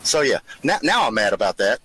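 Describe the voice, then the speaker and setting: A man's voice: medium pitch, sing-song, a little fast, fairly bright tone, slightly rough, poor audio. A man hosting his own show, delivering an angry, profanity-laden rant during a road trip and repeatedly taunting someone who isn't there. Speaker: show host.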